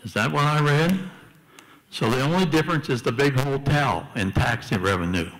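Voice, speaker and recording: A man's voice: mid-range voice, lively intonation, normal speed, fairly bright tone, in a large hall, rough recording. A man giving blunt, argumentative public testimony at a city council hearing. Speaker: public commenter. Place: council chamber.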